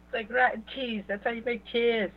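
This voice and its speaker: A woman's voice: a little high, steady tone, fairly quick, muffled recording. A woman in a casual group chat, teasing the others and laughing.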